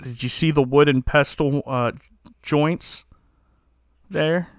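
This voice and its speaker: A man's voice: a little high, steady tone, slow pace, no room sound. Guy putting on a chatty proud officer selling his desk, salesy, dry recording. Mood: boastful. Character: eager middle-aged male army officer showing off furniture.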